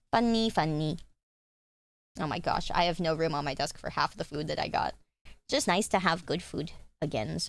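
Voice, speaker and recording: A young woman streamer chatting casually at her desk, swearing freely and breaking into loud joking rants. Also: mid-range voice. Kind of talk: casual live-stream chat.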